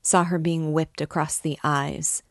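A woman narrating a classic novel aloud in a measured, even storytelling manner. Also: low voice, creaky, no echo, studio quality. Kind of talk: audiobook narration.

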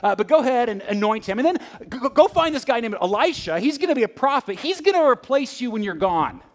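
A man voicing God as a patient, plain-spoken figure who explains a slow plan in a casual, reassuring way. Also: very high voice, sing-song, voice pushed up. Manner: casual, reassuring, matter-of-fact.

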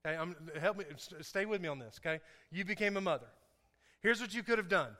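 A man's voice: high voice, animated, fast talker, pushed and bright. A man preaching a sermon, playful and chatty with his congregation, laughing often. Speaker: pastor. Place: church sanctuary. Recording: echoey hall.

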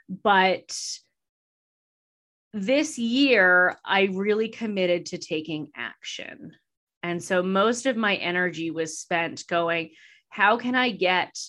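A woman host talks through her year in a relaxed interview. She is candid and reflective, with easy laughter between thoughts. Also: on the low side. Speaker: podcast host being interviewed. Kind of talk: casual conversational interview.

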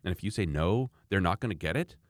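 Man from canada, low voice, dry close sound, casual rambling chat, emphatic. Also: expressive, fast, no echo. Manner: rambling and emphatic, with frequent restarts. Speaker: parent sharing views.

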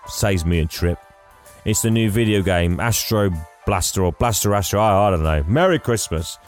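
A man voicing a weary, drunk old Santa who grumbles in a low mumble. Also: animated, moderate pace, soft background music, natural voice.

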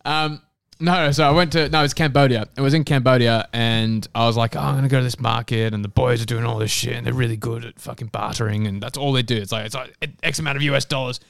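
A man's voice: medium pitch, steady tone, fast talker, creaky, few pauses, no room sound, clean studio sound. An Australian man co-hosting a podcast, swearing and laughing often as he tells a story. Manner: laughs often, swears while telling stories. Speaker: podcast co-host. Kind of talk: casual chat.

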